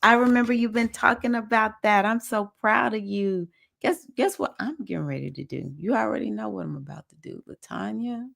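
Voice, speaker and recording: A woman's voice: mid-range voice, moderate pace, vocal fry. A woman with a Southern US accent hosting a casual live-stream session as a spiritual teacher, reading viewers' comments and cheering them on. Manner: warm, encouraging, reads comments aloud and cheers viewers.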